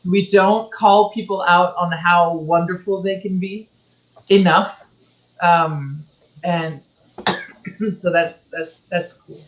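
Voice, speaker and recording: A woman co-host who talks warmly with many stammered restarts. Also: lowish voice, fairly even intonation, takes it slowly, pauses often. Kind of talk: casual interview chat. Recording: echoey and lo-fi.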